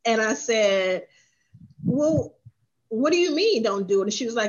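A woman who owns a spa and coaches businesses, telling her story in an interview and lively when she acts out what others said. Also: fairly high pitch, a little slow, pauses often, muffled recording. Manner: animated, acts out quoted voices.

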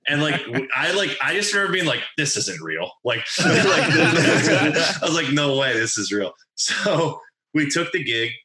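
A man's voice: a little high, sing-song, measured pace, pushed and bright, reverberant, low-quality recording. A man in his twenties from New Jersey, telling a story in casual chat, rambling with lots of fillers and swearing. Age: 20s. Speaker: podcast guest telling a story.

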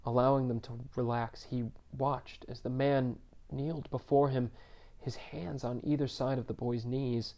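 A man narrating a story in a measured, subdued reading. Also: mid-range voice, flat delivery, warm tone.

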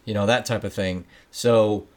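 Lower-voiced male co-host, halting and wordy, full of fillers. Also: fairly even intonation, a little mellow. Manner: halting, searching for words, many fillers. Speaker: podcast co-host. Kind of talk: casual conversation.

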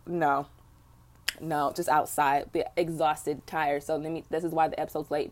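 Young woman podcast host, slightly low voice, blunt and profane, casual venting. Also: a little mellow. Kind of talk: casual solo podcast chat.

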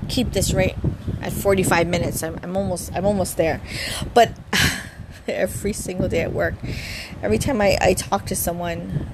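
Animated, sing-song woman vlogging by phone. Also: on the low side, normal speed. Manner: animated, lots of vocal inflection. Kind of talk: casual chat. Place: her room. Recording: phone recording with background noise.

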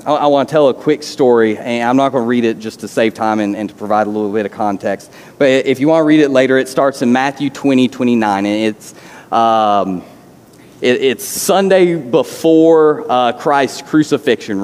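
A man's voice: medium pitch, a little mellow, long reverb tail. A man preaching a sermon as a pastor, earnest, often repeating words as he starts a phrase. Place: church sanctuary.

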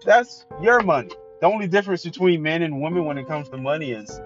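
A man's voice: fairly high pitch, fast. A man giving a blunt, emphatic, opinionated solo monologue as a commentator. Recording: dull lo-fi recording with faint music.

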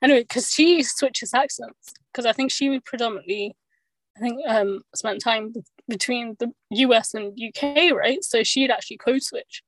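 A woman's voice: a little high, normal speed, no room sound, poor audio. A woman chatting casually on a podcast, rambling with lots of fillers and restarts. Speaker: podcast co-host. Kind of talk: casual chat.

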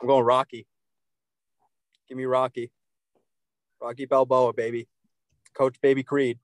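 A man co-hosting a podcast, excitable and swearing freely. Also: medium pitch, a little slow, no echo. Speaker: podcast co-host. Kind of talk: casual chat.

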